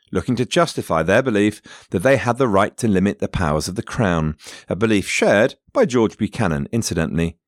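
A man's voice: low-pitched, no room sound, studio quality. A man narrating history as a podcast host, with wry asides and digressions spoken directly to his listeners.

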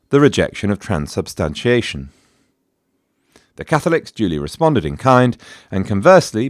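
A man's voice: no room sound, clean studio sound. A man hosting a history podcast, telling the story in a wry, scripted narration with playful asides. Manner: wry, playful asides, lively swings in pitch.

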